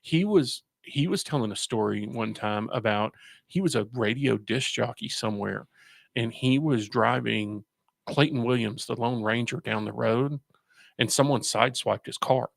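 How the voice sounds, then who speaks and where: A man's voice: medium pitch, moderate pace, dry recording, studio quality. A man hosting a radio show in casual chat, rambling through stories with restarts and laughs. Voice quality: gravelly. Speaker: radio host.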